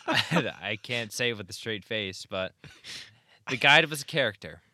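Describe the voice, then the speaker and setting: A man's voice: medium pitch, bright, forceful tone. A man co-hosting a podcast, recounting a trip in a laid-back, casual storytelling way. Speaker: podcast co-host. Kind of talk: casual chat.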